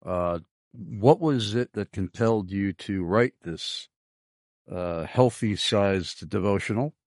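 Deep-voiced hesitant male interviewer. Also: slow, darkish tone, dry recording, studio quality. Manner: hesitant, with frequent fillers.

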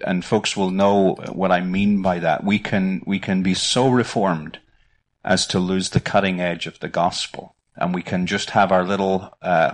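Low-pitched, a middle-aged Northern Irish man talks earnestly in a conversational interview where he's a ministry guest. He tends to repeat words when starting a phrase.

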